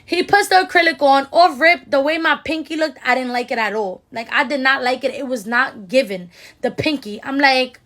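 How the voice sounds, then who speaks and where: High-voiced woman telling a storytime. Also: normal speed. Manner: animated, slangy, quotes people in raised voices. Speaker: beauty vlogger. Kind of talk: casual storytime.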